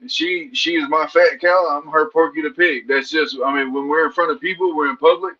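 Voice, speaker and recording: A man's voice: on the high side, fairly even intonation, fairly quick, bright, forceful tone, breathy edge, muffled recording. A man appearing as a fighter guest in a casual interview, laid-back and joking, with folksy sayings. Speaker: bare-knuckle fighter guest.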